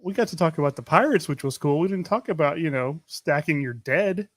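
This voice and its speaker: A man's voice: a little high, expressive, fairly quick, a bit bright. A man from Louisiana hosting a podcast, rambling through stories and laughing often in casual chat. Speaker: podcast host.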